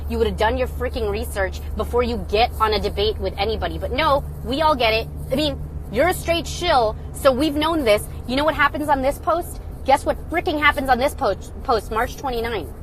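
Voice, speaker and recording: A woman's voice: a little high, brisk, slight background noise. A woman hosting a phone livestream, delivering an angry, blunt, sarcastic rant with swearing. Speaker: livestream host.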